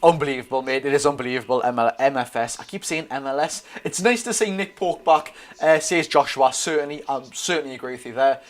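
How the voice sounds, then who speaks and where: A young man with a Geordie accent hosting a live football watch-along, chatty and excitable, reading viewer comments aloud. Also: medium pitch, fast talker, few pauses. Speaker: streamer and host.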